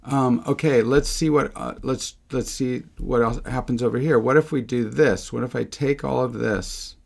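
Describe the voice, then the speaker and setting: Gravelly-voiced man teaching music theory. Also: mid-range voice, fairly even intonation, moderate pace, darkish tone. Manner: thinking aloud, rhetorical questions, self-corrections. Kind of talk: screen-recorded music theory lesson.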